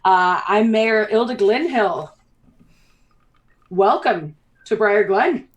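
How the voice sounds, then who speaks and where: A woman's voice: mid-range voice, slow pace, natural voice. A woman voicing a kindly, fretful middle-aged female dwarf mayor who speaks in a motherly, hesitant way. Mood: welcoming. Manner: motherly, hesitant, hushed when delivering bad news.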